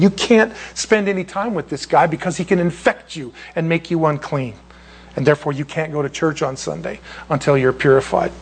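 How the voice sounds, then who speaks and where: Male pastor, husky, slightly high voice, sermon delivery with mocking character voices. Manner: acts out quoted voices in a high mocking pitch.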